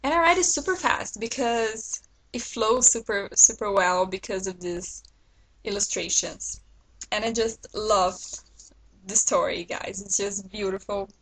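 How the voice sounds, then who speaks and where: A woman's voice: medium pitch, a little slow, fairly bright tone, breathy edge, low-quality recording. A woman vlogger chatting casually to her viewers about new books, enthusiastic and talkative. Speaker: book vlogger. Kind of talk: casual book haul chat to camera.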